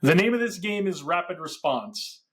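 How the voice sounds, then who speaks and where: A man hosting a podcast interview, asking reflective questions and then running a quick question game with upbeat energy. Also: high voice, very animated. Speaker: podcast host. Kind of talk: conversational interview.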